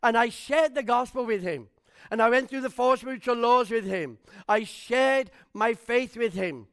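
A male pastor preaching a storytelling sermon, animated and acting out the voices of the people in his stories. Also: sits high.

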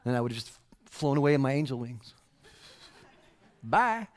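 A man pastor giving a casual, humorous sermon, full of playful slang and animated asides. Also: mid-range voice, normal speed.

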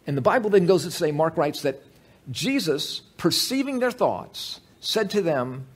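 Husky-voiced man preaching animatedly. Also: on the high side, measured pace. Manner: animated, emphatic, asks the listeners questions. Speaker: Bible teacher. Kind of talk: teaching sermon with storytelling.

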